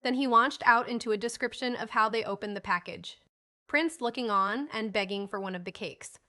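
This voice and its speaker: Female audiobook narrator, storybook read, lively dialogue voicing, bright and sharp, pitched a little high. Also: fairly quick. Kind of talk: reading a classic children's novel aloud.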